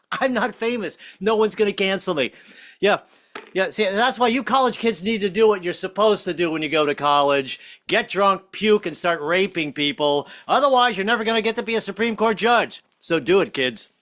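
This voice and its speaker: This is a man in his fifties telling a stand-up set live from home over a video call. He talks in a bright, forceful way with a raised pitch. He keeps jumping into loud, shrill voices to act out the people in his jokes. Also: moderate pace. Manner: jokey, acts out other voices in high shrill tones. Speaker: stand-up comedian.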